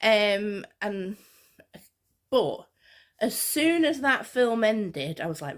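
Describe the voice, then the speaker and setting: A woman vlogger talking casually, telling a rambling, excitable story. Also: mid-range voice, measured pace. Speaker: fashion vlogger. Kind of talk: casual chat.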